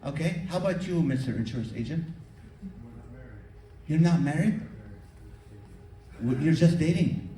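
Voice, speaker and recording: A man doing stand-up comedy, teasing the audience in an animated way, recorded live from the crowd. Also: fairly high pitch, unhurried, long pauses, distant mic. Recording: echoey hall taped from the audience. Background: audience laughter.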